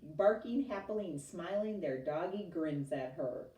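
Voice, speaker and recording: Expressive woman reading a storybook aloud. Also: on the low side, unhurried. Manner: expressive, chatty asides to listeners. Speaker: teacher reading to a class. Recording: roomy, mic at a distance.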